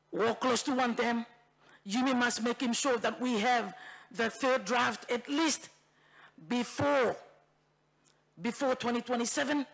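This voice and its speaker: In the parliament chamber, a woman member of parliament from Bougainville, Papua New Guinea, gives a rallying speech that is fiery and repetitive. She has a Papua New Guinean accent and a fairly high, creaky voice.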